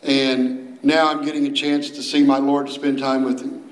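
A man preaching a sermon as a youth minister, telling the story in a folksy, animated way with playful put-on voices. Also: medium pitch, moderate pace, reverberant, low-quality recording.

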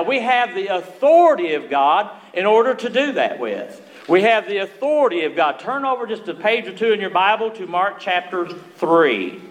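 A man's voice: high-pitched, fairly bright tone. A man preaching a sermon to his church, reading scripture aloud with emphatic stress and restarting often. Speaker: pastor.

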